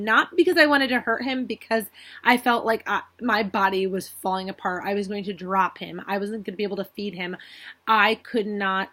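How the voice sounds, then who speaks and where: A woman's voice: medium pitch, normal speed, bright, forceful tone. A young woman vlogger talking earnestly and tearfully to her viewers, now and then apologizing for rambling. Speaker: beauty vlogger. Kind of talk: emotional personal vlog.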